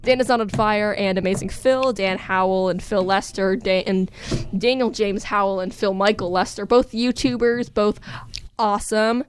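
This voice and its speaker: A woman co-hosting a casual podcast, rambling and giggling excitably. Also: mid-range voice, moderate pace, slight background noise. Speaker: podcast co-host.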